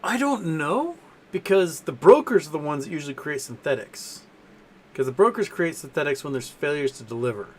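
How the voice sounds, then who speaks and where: Hosting a laid-back live stream, a man with a slightly high, husky, expressive voice answers viewers' questions at a moderate pace, rambling with fillers and correcting himself as he goes. When he turns to his dogs, his voice gets softer.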